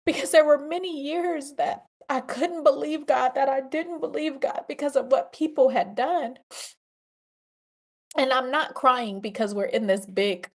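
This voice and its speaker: A woman with a fairly high voice hosts a faith podcast and shares her testimony. She talks straight to her listeners and calls them y'all. She leans hard on repeated phrases, the way a preacher does. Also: unhurried. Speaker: podcast host.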